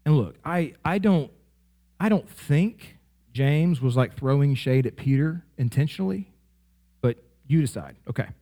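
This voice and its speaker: A man delivers a sermon in a relaxed, chatty way, often checking in with his listeners. His voice sits slightly high for a man. He gets animated, leaping up in pitch when he acts out everyday examples. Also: unhurried. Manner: conversational, frequent "right?" and "like" asides; animated, rising sharply in playful examples. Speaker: pastor.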